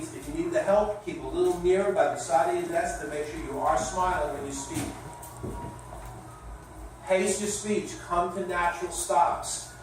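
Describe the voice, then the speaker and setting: A middle-aged man giving a sales training lecture to a class, coaching in an animated way. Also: fairly high pitch, a little hiss or hum. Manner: animated coaching, demonstrates with his voice. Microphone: distant room mic. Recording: echoey room recorded from far off.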